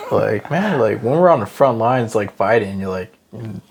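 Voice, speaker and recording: Lively, slangy low-voiced man. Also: measured pace, gravelly, slight background noise. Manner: animated storyteller, slangy, laughs easily. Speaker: podcast co-host. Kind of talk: casual religious discussion.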